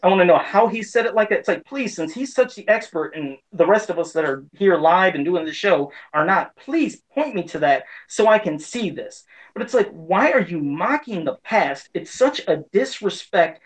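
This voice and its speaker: A man's voice: high voice, lively intonation, moderate pace, low-quality recording. A man in his forties giving a casual, heated opinion rant as a pop culture commentator, indignant and frustrated.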